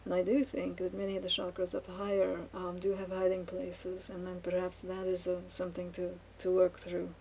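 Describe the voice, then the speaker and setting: A woman rambling in a casual monologue while she paints, halting often with fillers and restarts as she muses aloud. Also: lowish voice, completely flat delivery, mellow, a little hiss or hum, poor audio. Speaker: vlogger.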